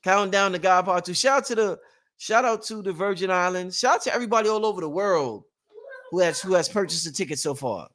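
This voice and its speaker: A man hosting a casual motivational livestream, rambling and repetitive, with slang and shout-outs to his viewers. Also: sits high, lively intonation, a little fast. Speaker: livestream host.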